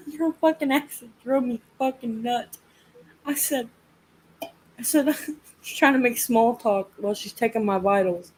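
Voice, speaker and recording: A woman's voice: on the high side, slow pace, long pauses, a little mellow, a little hiss or hum, poor audio. A young woman telling a story in casual chat, swearing freely and laughing often. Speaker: live chat host.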